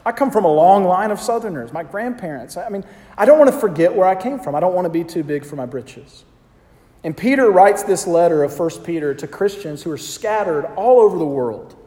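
A man's voice: high-pitched, lively intonation, brisk, dark tone. A man in his thirties with a Southern US accent, preaching a conversational sermon and calling out to the congregation. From American South. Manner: conversational storytelling with congregation call-outs. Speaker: pastor. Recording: echoey hall.

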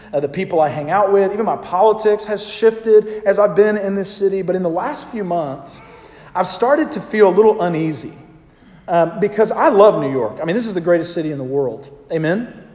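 High-voiced Southern pastor, echoey hall. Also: male voice, moderate pace, dark tone. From American South. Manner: conversational storytelling with congregation call-outs. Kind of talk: sermon.

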